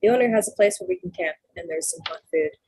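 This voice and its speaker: A woman voicing a calm, watchful male guide who speaks plainly and directly, read aloud from a novel. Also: on the low side, quick pace, creaky, husky, no room sound, full character voice. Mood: matter-of-fact.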